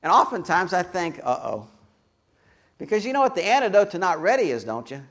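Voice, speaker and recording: A man preaching a sermon as a pastor, an animated storyteller who acts out quoted voices and adds humorous asides. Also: high-pitched, fairly quick.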